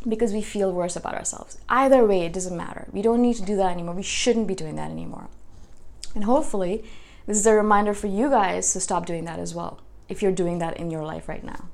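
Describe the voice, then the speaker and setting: A woman in her thirties talks straight to her viewers in a relaxed personal vlog. Her voice sits at an ordinary middle pitch. She tells her stories with animation and keeps checking in with a tag question. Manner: animated storytelling, often ends with a tag question. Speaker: YouTube host.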